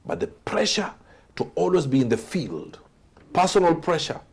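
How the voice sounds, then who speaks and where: A man, a guest telling motivational stories with a dramatic delivery that swings from loud to hushed. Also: fairly high pitch, very animated, normal speed, gravelly, breathy edge. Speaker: guest speaker. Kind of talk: motivational storytelling.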